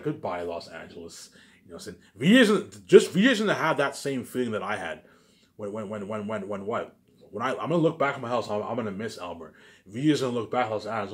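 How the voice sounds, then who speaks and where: Speaking in a slightly bright voice on the low side, a vlogger drifts through a daydreaming monologue. He keeps restarting, and "obviously" and "you know what I'm saying" come up over and over.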